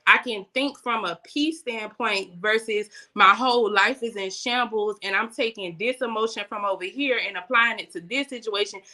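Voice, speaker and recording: A young adult woman guest telling faith stories in a casual, animated way, laughing often and speaking in vernacular. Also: mid-range voice, moderate pace, hardly any pauses. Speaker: guest, business owner.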